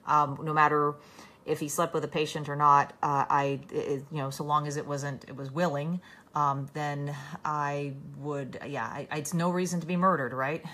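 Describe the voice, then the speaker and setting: A woman's voice: low voice, steady tone, moderate pace, fairly bright tone. A woman hosting a casual live stream, tired, reading out viewer comments and answering them by name with many fillers and restarts.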